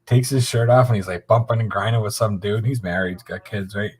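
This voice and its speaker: A middle-aged man with a husky, somewhat low voice tells a profane, animated story, sprinkling in swears as he goes. He talks casually, like he's chatting with friends on a stream. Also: fairly quick. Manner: profane, animated anecdote telling. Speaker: co-viewer on a live stream.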